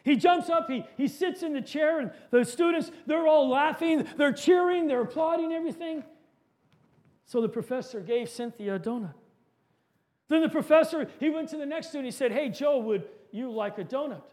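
Male preacher, very high voice, dramatic sermon storyteller. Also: normal speed, a little mellow.

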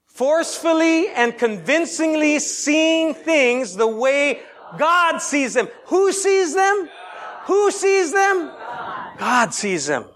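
High-voiced man preaching a lively sermon. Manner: animated, laughing, calls for congregation responses.

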